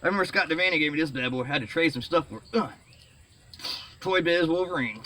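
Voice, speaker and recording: A middle-aged man rambling excitedly in a casual vlog, full of fillers and restarts, saying he is sweating. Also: a little high, quick pace, slight background noise. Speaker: vlogger.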